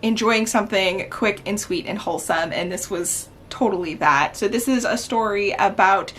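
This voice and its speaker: A woman chatting casually in a reading vlog, laughing often and swinging between calm book recaps and giddy, excited outbursts. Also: mid-range voice, normal speed, breathy edge. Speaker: book vlogger.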